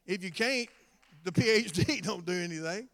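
High-pitched, gravelly, shouting preacher man. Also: normal speed. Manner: builds from conversational storytelling to shouted exhortation. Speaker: former drug addict giving testimony. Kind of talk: sermon.

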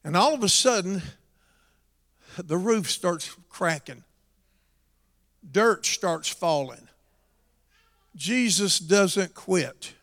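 A pastor preaching a sermon, swinging between shouted calls to the congregation and hushed, drawn-out storytelling. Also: male voice, sits high, expressive. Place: church sanctuary. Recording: long reverb of a church hall.

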